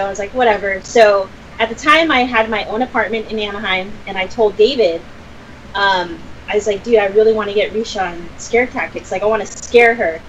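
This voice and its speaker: A woman's voice: medium pitch, dull audio, slight background noise. A young adult woman telling a story in casual chat, acting out quotes with swearing. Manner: animated, swearing, acts out quotes. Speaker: podcast co-host.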